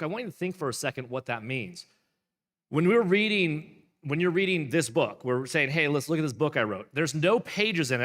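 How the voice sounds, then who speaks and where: A man's voice: on the high side, a bit bright, in a large hall. A man, a pastor, reading a book aloud and explaining it in a casual, rambling way with playful asides. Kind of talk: live book reading with commentary.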